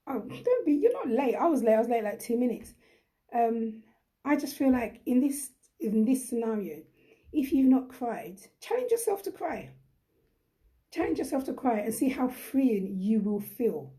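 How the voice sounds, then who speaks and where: A woman's voice: on the high side, mellow. A middle-aged woman hosting a reflective live-stream talk, speaking earnestly and repeating phrases for emphasis. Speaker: host.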